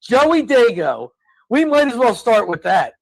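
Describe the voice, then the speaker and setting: A man's voice: extremely high pitch, big pitch swings, unhurried, creaky, no room sound, rough recording. A man co-hosting a casual podcast, telling stories and ranting in exasperated bursts. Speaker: co-host.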